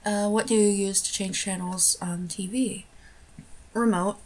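A woman's voice: mid-range voice, fairly even intonation, a little slow, darkish tone. A young American woman doing a casual accent-tag video, giggling often between her answers. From United States. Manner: giggly, laughs between words. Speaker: vlogger.

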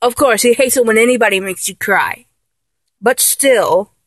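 A woman's voice: a little high, normal speed, breathy edge, no room sound. A woman playing a flustered young lover who keeps trying and failing to act dominant, in a comedic audio role-play, talking in an exasperated, self-correcting way.

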